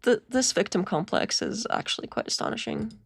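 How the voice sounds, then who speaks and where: A woman's voice: medium pitch, animated, fairly quick, creaky, breathy edge, dry recording, studio quality. A woman hosting a live reaction stream, giggly and sarcastic as she mocks what she watches. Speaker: host of a watch-along stream.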